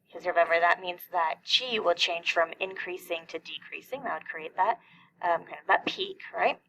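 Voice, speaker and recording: A woman's voice: lowish voice, moderate pace, sharp tone, muffled recording. A middle-aged woman teaching a calculus lesson, explaining each step and asking questions that she then answers herself. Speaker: math teacher.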